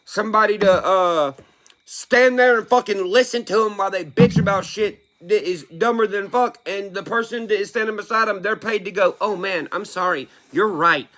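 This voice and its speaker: High-pitched cussing country man ranting. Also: normal speed, fairly bright tone. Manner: blunt, heated, heavy swearing. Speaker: country music artist ranting on camera. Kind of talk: profane opinion rant.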